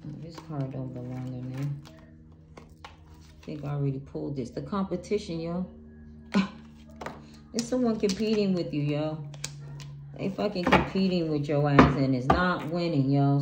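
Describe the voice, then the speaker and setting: Low-voiced lady doing a tarot reading, cussing a lot, hyped and blunt, noisy home recording. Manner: blunt, profane, hyped-up and emphatic. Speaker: tarot reader. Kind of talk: casual tarot reading monologue.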